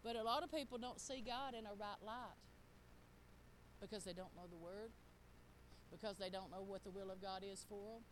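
A woman's voice: medium pitch, normal speed, pauses often, a little hiss or hum, low-quality recording. A middle-aged woman preaching a sermon, talking straight to the congregation in a folksy way.

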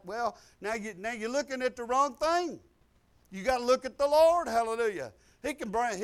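An older man preaching a sermon, folksy and exuberant, breaking into loud outbursts. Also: very high-pitched. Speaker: pastor.

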